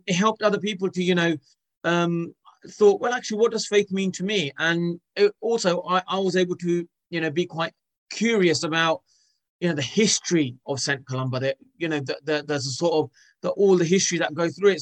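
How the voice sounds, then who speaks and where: A man being interviewed as a guest, talking in a halting way with many restarts and repeated words. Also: on the high side. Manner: hesitant, repeats words often. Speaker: guest, former cricketer. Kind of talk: casual interview.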